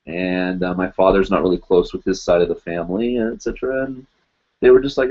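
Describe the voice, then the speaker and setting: A man's voice: low-pitched, steady tone, brisk, darkish tone, muffled recording. A man in his forties from the United States, hosting a live stream in a casual, rambling way with lots of fillers.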